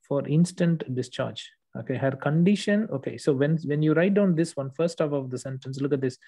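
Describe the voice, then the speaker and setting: A man with a mellow, fairly high voice works as an English test tutor with a single student. He patiently corrects written work and explains things, checking understanding often with frequent "okay"s.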